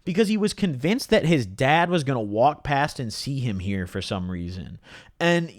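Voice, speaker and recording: A young man spins a story to camera in loose, slang-heavy talk, his pitch leaping up and down as he goes. The sound is dry and close, with no room around it. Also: moderate pace, dry recording. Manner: slangy, animated, lots of "dude" and "bro". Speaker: vlogger telling a story.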